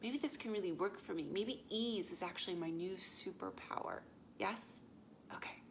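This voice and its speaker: A woman life coach speaking casually to viewers, often checking in with a quick "yeah?" or "okay?" and retelling stories with animated asides. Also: mid-range voice, slight background noise. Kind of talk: casual live talk to viewers.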